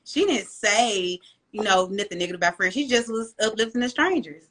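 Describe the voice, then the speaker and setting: A woman guest on a podcast, telling animated stories in a casual, slangy way. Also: medium pitch, a little fast. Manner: animated storytelling, slangy and playful. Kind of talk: casual chat.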